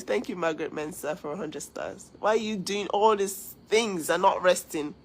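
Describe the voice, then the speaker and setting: A woman's voice: lowish voice, moderate pace, hardly any pauses, low-quality recording. A woman hosting a casual livestream, talking earnestly to viewers, giving advice and thanking them. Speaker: livestream host.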